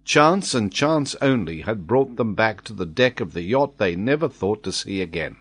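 A man narrating a classic adventure novel in a measured, expressive reading. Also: medium pitch, husky. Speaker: audiobook narrator.

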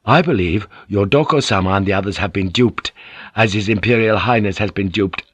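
A man's voice: on the low side, brisk, breathy edge, no room sound. A man reading an earnest, persuasive samurai vassal. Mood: pleading. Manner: earnest, persuasive, quietly authoritative. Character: loyal, shrewd samurai vassal, adult man. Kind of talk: audiobook character reading.

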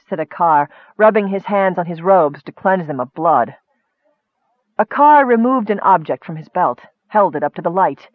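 A man with a high voice narrates a fantasy tale in a measured, expressive reading. The sound is dry and slightly muffled, close to the mic. He keeps an even storytelling pace. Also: no room sound. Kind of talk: audiobook narration.

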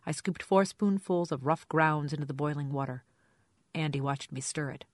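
A first-person detective narration read in a dry, wry hard-boiled tone, at a middling pitch. The recording is dry and close, with no room sound at all. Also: moderate pace, dry recording. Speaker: audiobook narrator.

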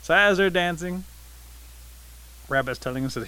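Bright-voiced male storyteller. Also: medium pitch, a little fast, long pauses, slight background noise, rough recording. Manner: relaxed, vivid scene-setting. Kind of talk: oral folk tale telling.

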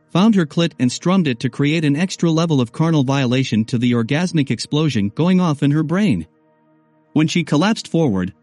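A man narrating a first-person story with an expressive, lively delivery. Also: a little high, no echo. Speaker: audiobook narrator.

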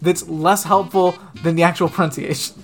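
A man's voice: a little high, fairly even intonation, normal speed, faint music behind. Profane ranting man in casual chat. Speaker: podcast co-host.

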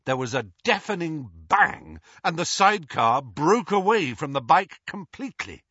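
A man narrating an audiobook in a dramatic, expressive reading. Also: a little high, normal speed, husky, no echo, muffled recording.

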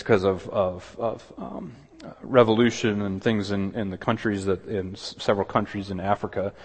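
Guy preaching in a church, kinda husky, lots of echo trailing off. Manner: earnest preaching with quick asides, voices objections in a higher pitch. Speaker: pastor. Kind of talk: sermon. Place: church sanctuary. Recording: long hall reverb.

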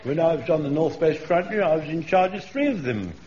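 A man's voice: fairly high pitch, expressive, a little fast, darkish tone, lightly acted. An actor playing an eager, rambling, over-keen old male soldier in a radio sitcom. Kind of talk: 1970s radio sitcom acting. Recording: dull old radio recording with faint hiss.

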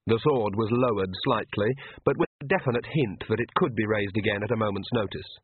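A man's voice: fairly low pitch, fairly quick, husky, no echo. A man narrating a story aloud. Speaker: audiobook narrator. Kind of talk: scripted narration. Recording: tinny phone-like dry sound.

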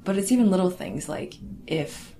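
A young woman telling a personal family story in a casual, halting way, full of "like" and "you know.". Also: lowish voice, animated, gravelly, mellow, slight background noise. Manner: casual, halting, lots of fillers and restarts; laughs wryly through awkward memories. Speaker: interviewee.

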